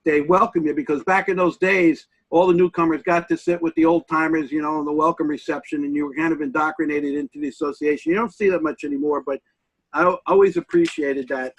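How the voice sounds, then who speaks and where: An older man, a guest on an interview show, telling folksy stories from his early working days at an unhurried pace, with many pauses. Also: on the high side, animated, gravelly, dry recording, rough recording. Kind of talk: reminiscing interview talk.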